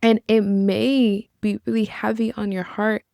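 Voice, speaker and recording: Earnest woman with a gravelly fry. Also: mid-range voice, flat delivery, a little slow, a little mellow, no room sound, clean studio sound. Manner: earnest and encouraging, with casual asides. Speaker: podcast host. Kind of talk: reflective podcast monologue.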